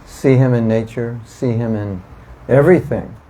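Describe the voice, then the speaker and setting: A man's voice: mid-range voice, moderate pace, warm tone, low-quality recording. A man giving an informal devotional class to a live audience, chatty and emphatic, often asking listeners questions. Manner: conversational, asks the audience questions, emphatic repetition. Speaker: spiritual teacher giving a class.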